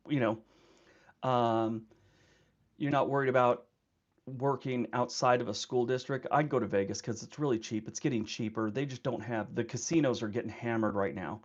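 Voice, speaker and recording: A man chatting casually on his livestream, rambling and quick to laugh. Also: mid-range voice, fairly even intonation, dull audio. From California. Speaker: livestream host.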